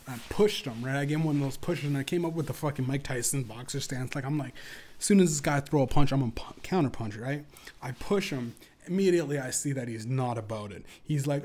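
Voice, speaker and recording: A man hosting a podcast, telling a profane story casually and acting out other people's lines in a higher voice. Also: quick pace. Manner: profane, animated, acts out quotes in a higher voice. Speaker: podcast host.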